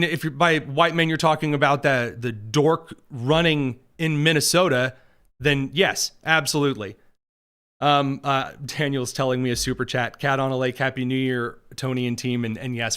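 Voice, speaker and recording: A man's voice: medium pitch, fairly even intonation, moderate pace, fairly bright tone, clear, resonant tone. A man hosting a political commentary livestream from a studio, talking with sarcastic, mocking asides. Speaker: host.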